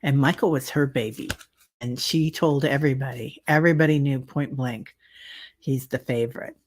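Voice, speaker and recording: A middle-aged woman doing a tarot reading livestream, talking casually and warmly with viewers, rambling, with lots of fillers. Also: extremely low pitch, steady tone. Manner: slow, chatty, rambling with many fillers. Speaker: tarot reader and medium.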